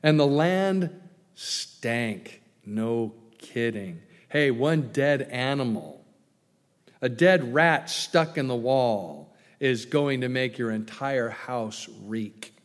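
A man's voice: medium pitch, slow. A man preaching a sermon as a pastor, emphatic, with many rhetorical questions. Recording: long hall reverb.

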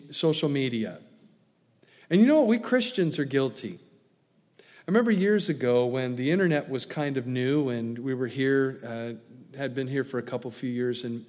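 Man preaching a sermon in a reverberant hall. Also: mid-range voice. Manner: folksy storytelling, grows emphatic. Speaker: pastor.

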